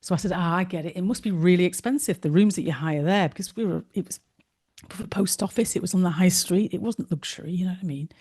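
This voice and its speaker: Mellow chatty woman. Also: lowish voice, quick pace, breathy edge. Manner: chatty storyteller, acts out dialogue. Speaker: business course tutor. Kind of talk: online teaching with anecdotes.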